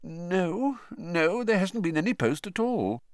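A man's voice: high voice, wildly swooping pitch, fairly quick, no room sound, studio quality, voice pushed up. Molly, a man voicing a fussing witch mother. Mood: distracted. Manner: anxious, protesting.

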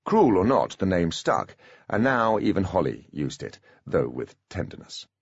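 A man reading an audiobook in an expressive storytelling manner. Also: low voice, measured pace, slightly rough, no room sound. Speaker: audiobook narrator. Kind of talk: scripted audiobook narration. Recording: dull, dry lo-fi recording.

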